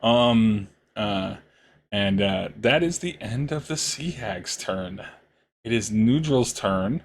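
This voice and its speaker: A man's voice: on the low side, lively intonation. A man running a tabletop game as game master, narrating a monster's turn with frequent fillers and chuckles. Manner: halting, many fillers, chuckling.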